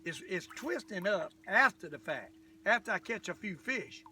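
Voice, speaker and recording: A man's voice: high voice, lively intonation, normal speed, pushed and bright. An older man, chatting casually while fishing from a boat. He rambles in a folksy way and calls himself the old fisherman. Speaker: fishing vlogger. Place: on a boat outdoors. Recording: distant camera mic, faint background noise.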